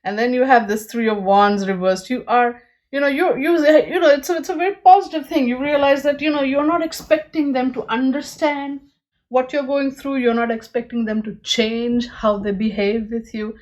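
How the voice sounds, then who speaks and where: A woman's voice: sits high, fairly even intonation, normal speed, darkish tone. A woman giving a pick-a-card tarot reading, speaking earnestly and straight to her viewers, with many "you know"s.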